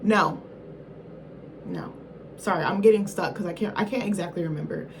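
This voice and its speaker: A woman's voice: lowish voice, normal speed, slight background noise. A woman reviewer giving a casual film recap in a rambling, slangy, profane way, often correcting herself mid-thought.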